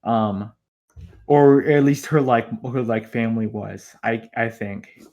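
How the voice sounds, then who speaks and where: A man's voice: medium pitch, slow, a little mellow, dull audio. A man co-hosting a podcast, talking in a rambling casual way full of filler words. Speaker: podcast co-host. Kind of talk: casual chat.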